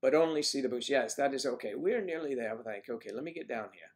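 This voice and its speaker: Playful, lively man hosting a livestream. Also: medium pitch, quick pace. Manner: chatty and playful, bantering with viewers. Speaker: livestream host. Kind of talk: casual chat, reading viewer comments.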